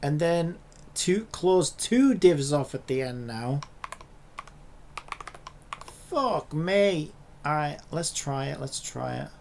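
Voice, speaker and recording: A man's voice: fairly high pitch, expressive, slow pace, vocal fry, long pauses, darkish tone, a little hiss or hum. A man in a casual coding vlog who swears and rants in exasperation at his screen. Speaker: hobby programmer.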